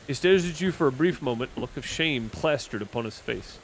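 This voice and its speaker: A man's voice: mid-range voice, lively intonation, a little fast, slight background noise. A man hosting a let's play, reading game text aloud and commenting, self-deprecating and stumbling over words. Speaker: gaming channel host.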